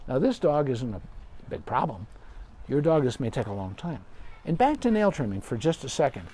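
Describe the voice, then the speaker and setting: Patient, lively-voiced veterinarian man. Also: medium pitch, normal speed. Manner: patient, explanatory, folksy sayings. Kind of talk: live Q&A advice session.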